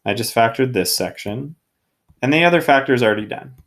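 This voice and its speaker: A man's voice: mid-range voice, expressive, a little fast, a bit bright. A man teaching a math lesson, explaining each step as he works and often checking in with his students. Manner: thinks aloud while working problems. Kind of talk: recorded classroom lesson.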